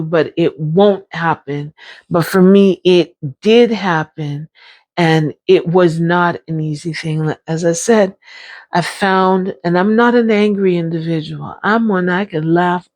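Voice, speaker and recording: Slow, low-voiced woman. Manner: candid, unhurried and emphatic, with repeated phrases. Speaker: brain injury survivor sharing her experience. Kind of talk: personal vlog talk.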